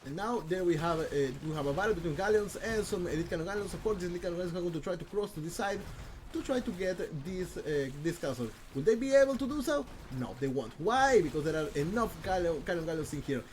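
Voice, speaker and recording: A man giving live commentary on a strategy game, excitable and rambling, often restarting and repeating himself. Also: high voice, quick pace, slight background noise. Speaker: game caster.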